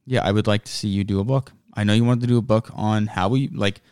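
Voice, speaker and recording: A man's voice: fairly low pitch, steady tone, fast, a little mellow, smooth, no echo, clean studio sound. A young adult man co-hosting a podcast in casual, rambling chat, often cutting himself off mid-sentence. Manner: rambling, self-interrupting. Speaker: podcast co-host.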